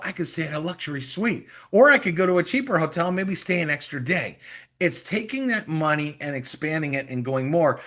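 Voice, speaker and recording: A middle-aged man with a slightly higher voice delivers an energetic sales pep talk on a call. He is persuasive and punchy, and now and then he acts out quick back-and-forth conversations to drive his point home. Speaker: company executive giving sales training. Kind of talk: motivational sales pitch on a call.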